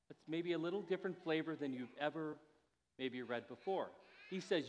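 A man's voice: fairly high pitch, animated, normal speed, a little mellow. Man preaching in an echoey hall. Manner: conversational preaching, rising to emphatic. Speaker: pastor. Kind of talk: sermon. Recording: long hall reverb.

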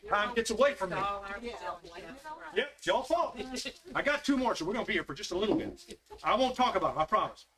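A man's voice: sits high, lively intonation, a little fast, long pauses, fairly bright tone. A man leading a Bible study in a folksy way, asking the group questions. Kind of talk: conversational Bible study teaching.

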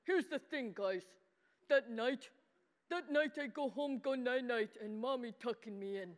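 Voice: mid-range voice, a little slow, lightly acted. An adult voicing a simple, earnest boy puppet who talks in broken childlike grammar and calls himself by name in a children's sermon. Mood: earnest childish. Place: church hall. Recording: long church-hall reverb.

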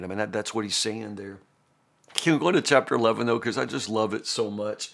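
A man's voice: lowish voice, brisk, vocal fry, fairly bright tone. A middle-aged man teaching the Bible as a pastor, earnest and full of restarts and fillers. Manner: earnest, repeats words, many fillers.

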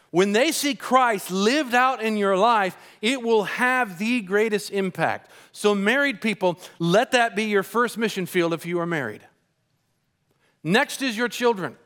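Male pastor, middle-aged, slightly high voice, conversational sermon with anecdotes. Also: a bit bright. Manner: storytelling, acts out dialogue.

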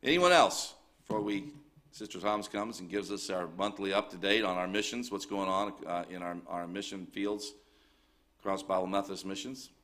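A man's voice: low voice, level tone, brisk, fairly bright tone. A man leading a church service, welcoming visitors in a folksy, rambling way with many fillers. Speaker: pastor.

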